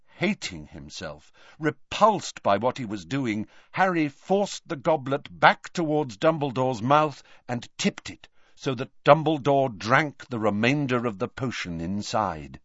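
Slow, expressive audiobook narrator. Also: mid-range voice, no room sound, highs cut off. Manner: measured, expressive storytelling. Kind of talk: scripted narration.

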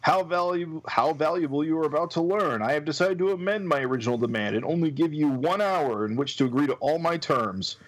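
A man's voice: a little high, lively intonation, fairly quick, few pauses, pitched above the performer's own voice, poor audio. A man reading a comic aloud and voicing a scheming, vengeful male villain with grandiose, menacing speeches. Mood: threatening.

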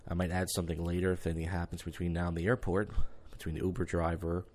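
A man giving a loose, halting travel vlog recap, full of fillers and restarts. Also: low voice, little pitch movement, a little mellow. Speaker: vlogger.

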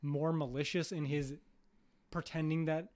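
A man co-hosting a podcast, talking politics in casual chat, animated and swearing as he acts out mock quotes. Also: fairly high pitch, a little slow. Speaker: podcast co-host.

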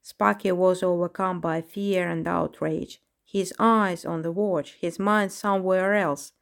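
Woman, storybook narrator, slow, measured reading. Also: lowish voice, fairly even intonation, vocal fry.

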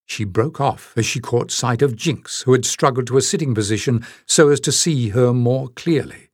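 A man narrating an audiobook in a measured, even way. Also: mid-range voice, slightly rough, no room sound, studio quality. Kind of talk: scripted narration.

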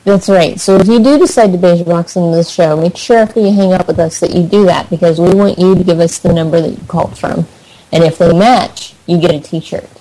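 A woman co-hosts a prank call show with a low, mellow voice. She runs things briskly and teases the others with dry sarcasm. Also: rough recording. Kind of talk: casual chat.

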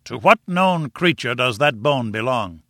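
A man's voice: animated, a little slow, fairly bright tone, dry recording, studio quality. A man voicing a pompous, contemptuous older male professor who lectures in a triumphant, scornful way. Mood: lecturing. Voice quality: booming and scornful.

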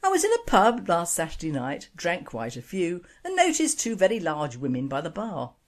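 A woman's voice: fairly low pitch, wildly swooping pitch, moderate pace. A woman hosting an online radio show, reading opinionated scripted commentary and jokes. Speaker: radio host.

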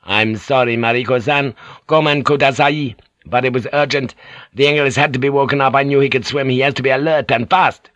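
A man's voice: mid-range voice, steady tone, brisk, fairly bright tone, dry recording, lo-fi sound, pitched above the performer's own voice, close to an everyday voice. A man playing a hot-tempered male ship's pilot who barks orders and curses. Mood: earnest.

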